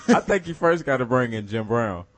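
A man's voice: mid-range voice, animated, normal speed. A man co-hosting a comedic podcast, laid-back and laughing along. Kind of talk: casual comedic chat.

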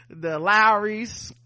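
Bright, laughing male co-host. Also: high voice. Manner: laughs often, animated, reads listener comments aloud. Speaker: podcast co-host. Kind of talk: casual chat.

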